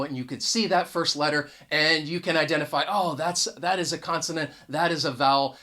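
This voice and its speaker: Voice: medium pitch, fairly bright tone. English teacher doing a casual grammar video to camera, chatty, restarts words a lot, leans hard on the key points. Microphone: camera mic.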